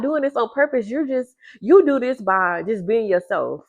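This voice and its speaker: Animated and brisk with barely a pause, a woman vlogger gives her viewers a reading in a casual, direct-to-camera style, her voice a little mellow. She begins quietly because of a sleeping baby nearby, then repeats herself for emphasis and jumps high in pitch when worked up. The audio is slightly dull and lo-fi.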